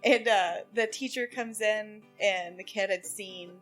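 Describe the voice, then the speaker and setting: A woman with a Texan accent co-hosting an art podcast in casual, animated chat, laughing often and talking fast when excited. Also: mid-range voice, soft background music. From Texas, USA. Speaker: podcast co-host.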